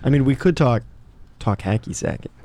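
A man hosting a radio show, chatting casually and introducing songs in a relaxed, rambling way. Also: medium pitch, normal speed, noisy background. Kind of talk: casual college radio banter. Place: radio studio. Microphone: studio microphone.

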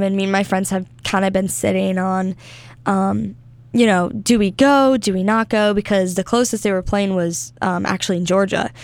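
A young woman hosting a college radio music show in casual, rambling talk with many fillers, her voice a little hoarse from a cold. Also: mid-range voice, no room sound.

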